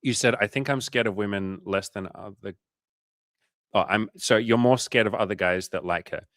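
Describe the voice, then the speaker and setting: Young male dating coach, lower register, relaxed and profane, encouraging tone, dry close mic. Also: moderate pace, dry recording. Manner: casual, swearing, joking, reassuring. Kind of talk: casual livestream chat reading viewer comments.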